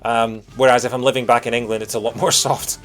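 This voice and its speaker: A man's voice: medium pitch, level tone, quick pace, faint music behind. A young Scottish man streaming a game, chatting in a rambling, jokey, self-deprecating way with his viewers. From Scotland. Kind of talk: casual let's-play chat.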